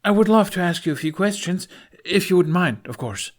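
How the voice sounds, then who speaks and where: A man doing a high, eager young man who stammers and rushes his words, nervous and thrilled at once. The voice sits well above the reader's own and comes out quick and bright in this fan audiobook. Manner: stammering, excited. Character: eager nervous young male dragon scholar.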